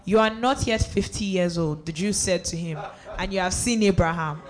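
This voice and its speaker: Steady voice reading scripture aloud. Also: mid-range voice, normal speed, few pauses, crowd noise. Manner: steady reading with small slips and restarts. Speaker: scripture reader.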